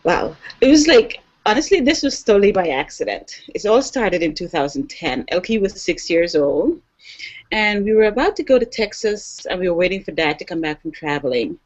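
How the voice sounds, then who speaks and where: Woman, panel guest, animated storytelling, dull lo-fi sound. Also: mid-range voice, normal speed. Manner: animated, acts out quoted voices. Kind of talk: casual storytelling. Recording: dull online video call audio.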